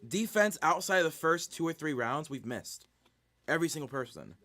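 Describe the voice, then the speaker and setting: A man's voice: a little high, lively intonation, moderate pace, sharp tone. A young man hosting a live sports stream, venting his frustration over a draft in a repetitive, ranting way.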